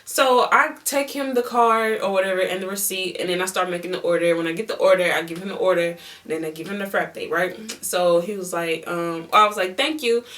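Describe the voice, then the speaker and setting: A woman telling a storytime vlog in an animated, chatty way, laughing often. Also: on the low side, a little fast, few pauses, recorded from a distance. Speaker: vlogger.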